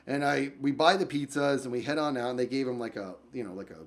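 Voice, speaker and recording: A fast-talking young YouTube storyteller tells a story on his vlog with great animation, lurching between loud outbursts and low mutters. He rambles, restarts often, and says "like" a lot.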